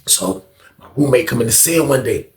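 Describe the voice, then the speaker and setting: Young guy rambling through a story, cussing a lot, animated, echoey room. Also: mid-range voice, moderate pace. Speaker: storytime vlogger. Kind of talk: casual storytelling. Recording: roomy echo.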